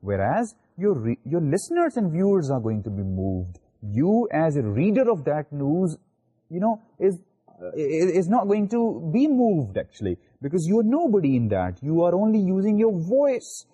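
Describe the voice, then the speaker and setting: A man lecturing in Pakistani English, explaining at length with many "you know" fillers and phrase endings that drop low. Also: sing-song, normal speed, dark tone, slightly rough, highs cut off. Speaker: university lecturer. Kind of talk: recorded video lecture.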